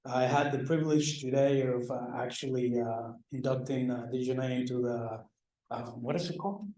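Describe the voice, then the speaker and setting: A department chair speaks at a banquet ceremony, presenting student awards with loose, self-mocking jokes. His medium-pitched voice has a dark tone, little pitch movement and a normal pace. The sound comes from a far-off mic in a big, echoing banquet hall.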